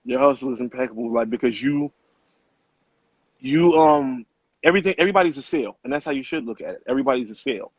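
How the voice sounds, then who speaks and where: A middle-aged man speaks as an author guest, telling stories at a rapid clip in loose, profane street slang. His voice is husky. The sound is dry and muffled, with a lo-fi tone. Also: medium pitch, animated, no echo. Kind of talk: casual interview storytelling.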